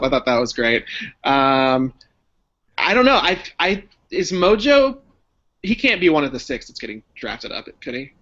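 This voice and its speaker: A man who guests on a podcast as a comedian and radio host, making wry, deadpan quips in casual chat. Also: medium pitch. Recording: dull lo-fi podcast audio.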